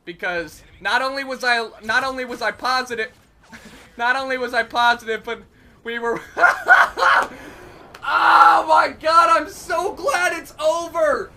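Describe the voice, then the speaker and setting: Excitable, high-voiced young man commentating gameplay. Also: slow pace, gravelly, slight background noise. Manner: excitable, melodramatic, self-mocking. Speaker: gaming commentator.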